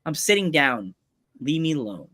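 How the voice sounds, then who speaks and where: A man's voice: fairly high pitch, big pitch swings, normal speed, pushed and bright. A man in his forties hosting a podcast, chatting casually and rambling in a goofy way. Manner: goofy, rambling, slips into impressions. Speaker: podcast host. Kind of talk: casual chat on a live-streamed podcast.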